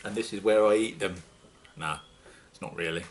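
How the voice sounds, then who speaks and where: Low-voiced chatty man. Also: moderate pace, slight background noise. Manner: chatty, jokey, addresses viewers as folks. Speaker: homebrew video host. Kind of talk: casual how-to narration. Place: home conservatory.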